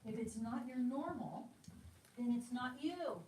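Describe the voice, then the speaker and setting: A woman's voice: a little high, lively intonation, a little slow, warm tone, a little hiss or hum. An American woman giving a teaching talk, telling stories animatedly and acting out her own quoted thoughts. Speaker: ministry teacher. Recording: echoey room, mic at a distance.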